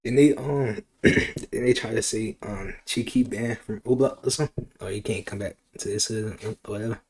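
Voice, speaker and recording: A man talking casually and haltingly, often saying "you feel me". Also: lowish voice, a little mellow, a little hiss or hum. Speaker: interviewee. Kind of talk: casual chat.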